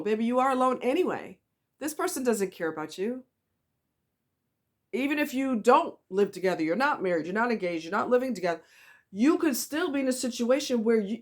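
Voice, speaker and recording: A woman speaking in a casual, blunt monologue about dealing with difficult people. Her voice sits in a middle pitch, and she slips into other people's voices to quote them with a sassy edge. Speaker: vlogger giving relationship advice.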